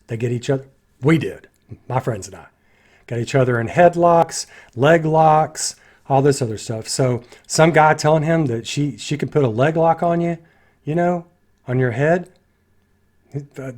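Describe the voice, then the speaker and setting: A man giving a casual spoken film critique, critical and animated, acting out lines of dialogue in his own voices. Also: medium pitch, moderate pace, husky. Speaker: movie reviewer.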